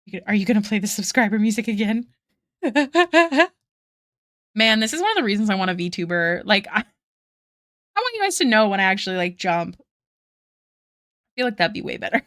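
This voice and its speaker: A woman's voice: medium pitch, sing-song, moderate pace, pauses often, a bit bright, no room sound, studio quality. A woman art streamer chatting casually with viewers while drawing, giggling often and thanking them effusively.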